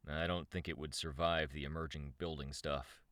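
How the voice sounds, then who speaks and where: A man's voice: rumbling low, steady tone, normal speed, a bit bright, dry recording. A man voicing an irritable young man in an audiobook reading, with a dry, sarcastic delivery. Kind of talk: audiobook character voice.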